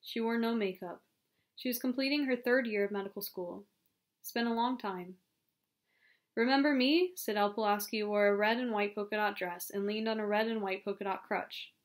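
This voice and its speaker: A woman reading a novel aloud as an audiobook narrator, in a steady storytelling manner. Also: medium pitch, fairly quick. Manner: steady storytelling with small self-corrections. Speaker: audiobook reader. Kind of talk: scripted narration.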